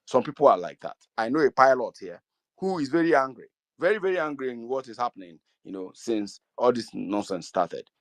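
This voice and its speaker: A man's voice: medium pitch, big pitch swings, fairly quick, no room sound. A middle-aged Igbo man with a Nigerian accent, speaking earnestly to an online meeting and pleading with his listeners. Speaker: community speaker.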